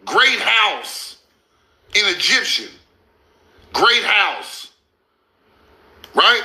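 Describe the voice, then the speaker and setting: A man with a very high, bright, gravelly voice talks through maps in casual commentary. He drawls slowly and swings his pitch wildly. He is loud and incredulous, laughing and swearing as he goes. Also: very animated. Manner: slow, drawn-out emphasis on names. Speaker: host.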